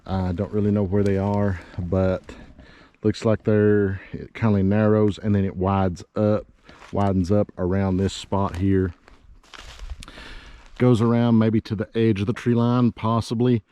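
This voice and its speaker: In a lowish, dark-toned voice, a man talks unhurriedly with flat delivery. He's out on wooded riverside land as a real estate agent filming a walking tour vlog, sniffling from a cold and short of breath from climbing. He rambles in a casual, folksy way, filling gaps with fillers.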